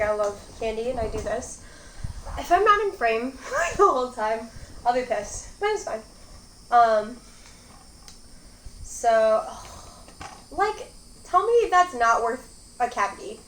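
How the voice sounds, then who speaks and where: A chatty young woman rambles through a casual eating vlog, her voice sitting a little high. The room adds a noticeable echo, with a faint hiss of background noise underneath. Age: young adult. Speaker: mukbang host.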